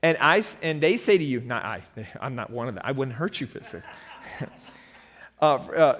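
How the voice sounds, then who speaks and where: A man, a pastor, teaching a church finance lesson in a lively storytelling way and quizzing his audience. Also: mid-range voice, normal speed. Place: church hall. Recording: long hall reverb.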